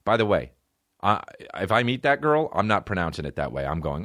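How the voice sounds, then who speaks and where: Man, podcast host, very low voice, profane rambling rant, sudden high yelps, dry close sound. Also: sing-song, brisk, fairly bright tone, no room sound. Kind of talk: casual comedic podcast rant.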